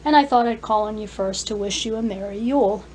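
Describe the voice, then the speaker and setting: A woman's voice: medium pitch, fairly quick, a little mellow, slight background noise, lightly acted, rough recording. A woman voicing a proud, courteous male dragon with a light Welsh accent and formal phrasing.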